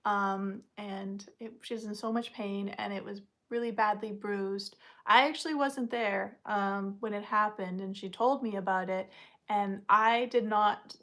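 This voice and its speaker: A woman hosting a casual livestream, talking in a rambling, chatty way with frequent ums and uhs. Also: a bit bright. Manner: coos at puppies in a high baby-talk voice. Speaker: livestream host. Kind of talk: casual live chat.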